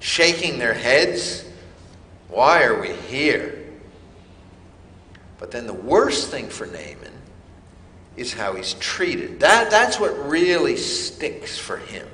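Slow, emphatic male preacher. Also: medium pitch, big pitch swings, bright, forceful tone, echoey room, in a large hall. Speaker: pastor. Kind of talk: sermon.

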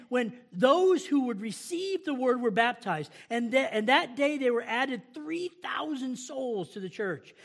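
High-voiced preacher asking rhetorical questions. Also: male voice. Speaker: pastor. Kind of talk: sermon.

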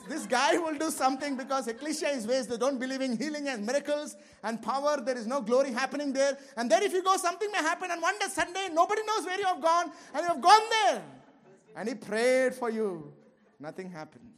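High-voiced impassioned male preacher. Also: expressive, moderate pace. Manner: impassioned, swings between shouting and low asides, laughs often. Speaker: pastor. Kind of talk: sermon.

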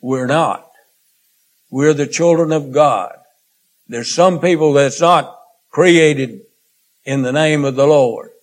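A man preaching a sermon in a slow, earnest way, drawing out phrases and letting line endings trail off quietly. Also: on the high side.

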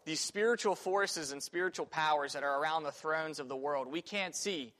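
In a church classroom, a man with a somewhat high voice leads a Sunday school class, speaking casually and thinking aloud with fillers and restarts. His tone is sharp and his pace moderate. The room adds a long, lingering reverb to the recording.

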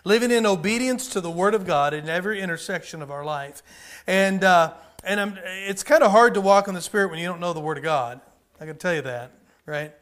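A man's voice: high-pitched, a little fast, a bit bright. A man preaching a sermon in a folksy way, repeating phrases and using many fillers. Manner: calls people up for a live demonstration.

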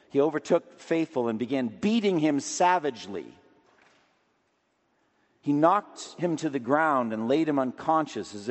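A man preaching a sermon with emphatic delivery, rising to loud declamation and dropping low again. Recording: long reverb of a large hall.

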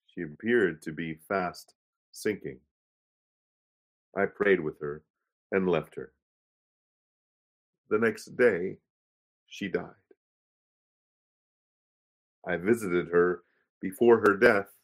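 A man reading aloud a pastor's first-person story in a measured, solemn way. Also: deep voice. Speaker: reader of a pastor's memoir.

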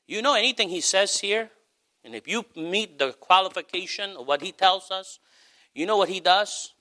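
A man preaching a sermon as pastor, passionate, swelling to high cries and then dropping low. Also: lively intonation, moderate pace, bright, forceful tone.

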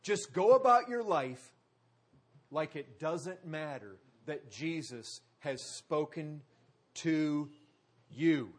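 A man preaching a sermon, driving points home with emphatic repetition and dramatic pauses. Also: a little high, animated. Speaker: pastor.

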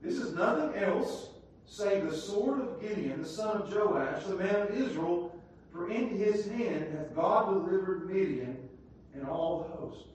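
A man preaching a sermon, reading scripture aloud and retelling it in everyday words, swinging between loud, lively bursts and hushed asides. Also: sits high. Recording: very echoey room, mic far off, faint noise.

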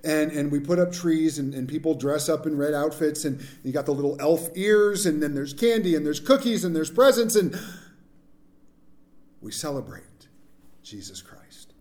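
A male pastor delivers a lively sermon, trading quick jokes and asides for scripture readings. His voice sits a little high for a man but sounds mellow and warm rather than bright. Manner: jokey, animated preaching with asides.

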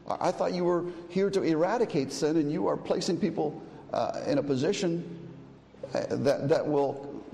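A man preaching in a church, his mellow, relaxed voice carried by a long hall reverb over a faint background hum. He often restarts his phrases, then builds up to emphatic, ringing declarations. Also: on the high side, gravelly. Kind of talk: expository sermon.

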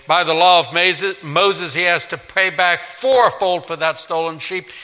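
A man's voice: high-pitched, measured pace, pushed and bright, long reverb tail, voice pushed up. A man acting out an enraged ancient king who swears vengeance. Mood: outraged.

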